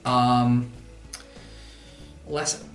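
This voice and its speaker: A man's voice: mid-range voice, level tone, extremely slow, reverberant, soft background music. A man, answering viewer questions in a casual vlog, chatty and rambling, poking fun at himself. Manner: chatty, rambling, self-deprecating.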